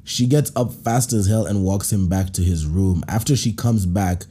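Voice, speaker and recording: A man hosting a podcast, reading out listener stories and reacting with animated laughter and playful put-on voices. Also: low-pitched, moderate pace, breathy edge. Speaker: podcast host.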